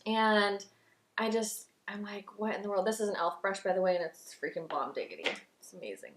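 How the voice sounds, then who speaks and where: A woman's voice: mid-range voice, moderate pace. Young woman, beauty vlogger, chatty, effusive, mid-range voice, echoey room. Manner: gushing, chatty, many "like" and "um" fillers. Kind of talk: get-ready-with-me chat.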